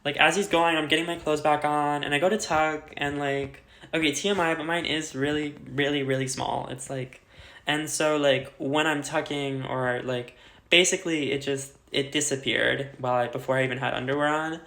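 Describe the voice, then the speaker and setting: A woman's voice: low-pitched, fairly even intonation, normal speed, fairly bright tone. A young adult woman telling a casual storytime vlog, chatty and full of fillers, swearing freely. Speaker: vlogger. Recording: roomy echo.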